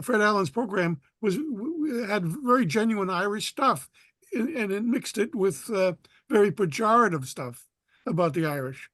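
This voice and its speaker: A man from the audience asking a long, hesitant question over a video call, filling his pauses with many fillers. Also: sits high, a bit bright, no room sound.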